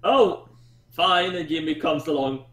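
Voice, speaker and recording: A man's voice: on the high side, unhurried. Joking man in an echoey room. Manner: joking, excitable interjections. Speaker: player. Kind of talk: casual tabletop play.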